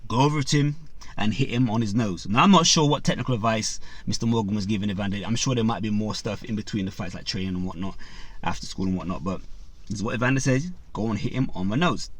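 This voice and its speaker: A man's voice: lowish voice, quick pace. A man hosting a boxing channel, casually retelling a story with lots of fillers, briefly acting out the people in it and turning to talk to his viewers. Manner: retells a story with many fillers, acts out quotes, addresses viewers.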